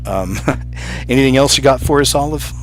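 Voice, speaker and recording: A man runs a relaxed call-in show, chatting warmly with callers and laughing easily between lines. Faint music plays quietly behind his voice. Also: mid-range voice, normal speed. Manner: laughs often, friendly and chatty. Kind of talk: casual call-in chat.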